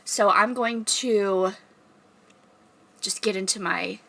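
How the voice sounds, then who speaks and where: A woman's voice: medium pitch, fairly even intonation, slow pace, gravelly, pauses often, heavy background noise. A woman chatting to camera in a casual vlog, nervous and self-conscious as she rehearses and gives herself tips. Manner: chatty and playful. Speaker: vlogger practicing for a librarian job interview.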